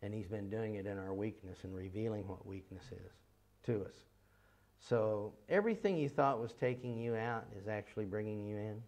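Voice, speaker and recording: A middle-aged man delivers a seminar sermon in a fairly low voice. He tells folksy, animated stories and drops into a soft, hushed tone for the prayerful passages. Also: normal speed. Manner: folksy, animated storytelling with laughter. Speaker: seminar speaker and teacher. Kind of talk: sermon with storytelling.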